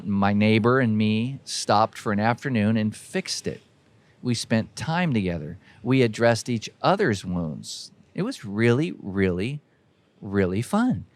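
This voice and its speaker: A man's voice: lowish voice, no room sound. A man hosting a podcast, delivering a folksy, emphatic motivational monologue that exhorts listeners directly. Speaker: podcast host.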